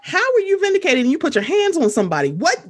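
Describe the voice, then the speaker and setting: A woman in casual chat, telling stories animatedly and acting out what people said. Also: extremely high pitch. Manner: animated, fast storytelling, quoting people in voices.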